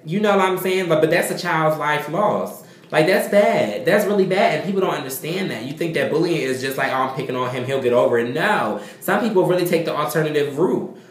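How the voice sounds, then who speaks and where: A young man, talking earnestly and rambling in an emotional personal vlog, swearing casually. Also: a little high. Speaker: vlogger. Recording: echoey room.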